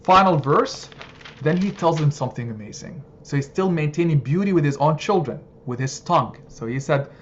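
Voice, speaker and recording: A man giving a heartfelt religious lesson to a study circle, expressive and rising to emphatic peaks. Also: moderate pace. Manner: expressive, builds to emphatic high points. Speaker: religious teacher. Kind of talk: sermon-style study circle talk. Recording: slightly dull sound, faint background noise.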